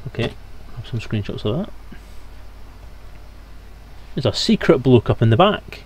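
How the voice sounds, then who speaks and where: A man's voice: mid-range voice, very animated, a little slow, pauses often, a little mellow, breathy edge. A British man from Scotland, streaming a game and chatting casually with his viewers as he plays. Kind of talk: casual live-stream gaming commentary.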